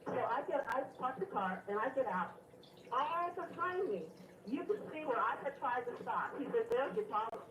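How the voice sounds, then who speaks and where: A woman caller recounting a story in a rambling, animated way, stopping and restarting with plenty of fillers. Her voice sits fairly high. It comes through an echoey line from some distance, with a faint hiss behind it. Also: moderate pace. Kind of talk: phone-in storytelling.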